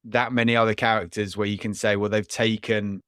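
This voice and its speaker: A man's voice: lowish voice, flat delivery, a little fast, a bit bright, clear, resonant tone, dry recording, studio quality. A man co-hosting a podcast, talking casually and at length about a film, with frequent restarts and small laughs. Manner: rambling, restarts often, chuckles. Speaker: podcast co-host.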